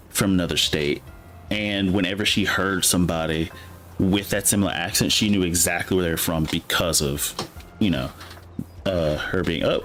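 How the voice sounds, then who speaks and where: A man from Michigan with a Midwestern American accent, chatting casually as he streams a farming game and rambling to himself with lots of fillers. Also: low-pitched. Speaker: gaming streamer. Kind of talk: casual gameplay commentary.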